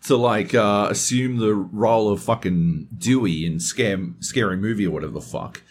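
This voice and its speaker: A man's voice: on the low side, normal speed, a little hiss or hum. A man hosting a podcast in casual chat, swearing constantly and getting worked up as he tells a story. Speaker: podcast host.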